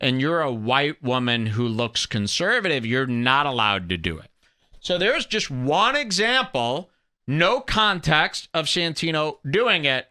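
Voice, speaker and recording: Indignant, sarcastic man with a lively, bright voice. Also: fairly high pitch, a little slow. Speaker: podcast host. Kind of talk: heated commentary over clips.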